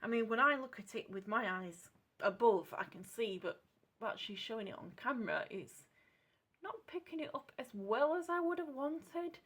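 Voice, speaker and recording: A woman with a British accent chatting at her home craft desk while she tests paints. She rambles, corrects herself and drops into soft asides. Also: fairly high pitch, a little hiss or hum. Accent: British English. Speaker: craft channel host testing paints. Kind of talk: casual craft demonstration chat. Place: home craft desk lit by a clip-on lamp.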